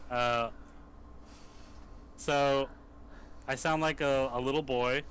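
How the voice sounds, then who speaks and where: A man in a tabletop game, chatting in a jokey, halting way. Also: mid-range voice, fairly even intonation, fairly bright tone, a little hiss or hum. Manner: jokey, halting, breaks into laughter. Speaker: player.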